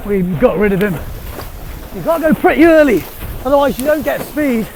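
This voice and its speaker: A man giving casual, excitable running commentary while windsurfing outdoors on the sea, laughing often. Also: very high-pitched, fairly quick. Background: wind noise.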